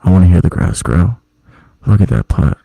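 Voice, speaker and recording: A fussy golf commentator in a mock-hushed tone, begging the crowd for silence, as a man puts him on. The voice is low and gravelly, with a dark, mellow color. It comes through a dry, close recording. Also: big pitch swings, normal speed, dry recording, exaggerated voice.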